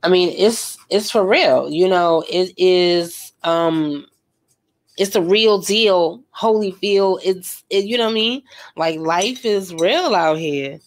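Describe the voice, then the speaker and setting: A woman's voice: lowish voice, slow pace. A young woman chatting casually and emotionally while she paints, with lots of fillers and slang. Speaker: art vlogger painting live.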